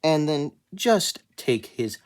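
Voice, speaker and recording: A man's voice: on the high side, very animated, slow pace. Man, casual toy review, rambling, self-mocking jokes, small collector channel. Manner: rambling, joking, self-deprecating.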